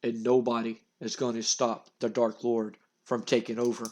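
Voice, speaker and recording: A man voicing a menacing, ominous undead male wrestler who speaks slowly and threateningly. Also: level tone, a little mellow, lightly acted. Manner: slow, low, threatening.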